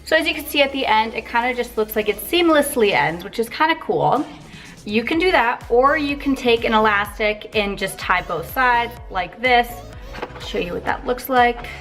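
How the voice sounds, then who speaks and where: A young woman chatting casually through a hair tutorial, with filler words and quick asides. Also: fairly high pitch, lively intonation, fairly bright tone, soft background music. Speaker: beauty vlogger.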